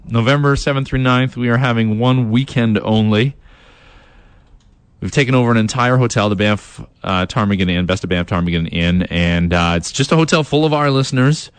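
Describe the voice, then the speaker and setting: A man's voice: lowish voice, a little fast, clean tone, no echo. A young man hosting a radio show, chatting casually, rambling with lots of fillers and self-deprecating asides. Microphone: studio mic.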